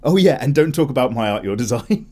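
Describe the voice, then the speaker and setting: A young man hosting a relaxed drawing vlog, chatting casually and rambling with frequent self-corrections. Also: mid-range voice, moderate pace. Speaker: art channel host. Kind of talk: casual chat while drawing.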